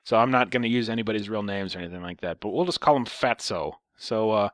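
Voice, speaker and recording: A man's voice: fairly low pitch, quick pace, fairly bright tone, dry recording, studio quality. A man telling a story in a casual vlog, ranting with exasperation and a lot of profanity. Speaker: vlogger.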